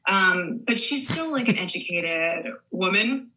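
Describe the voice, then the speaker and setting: A woman's voice: medium pitch, expressive, measured pace, sharp tone, rough recording. A woman in her forties, an actress guest on a podcast, talking casually with many fillers and restarts.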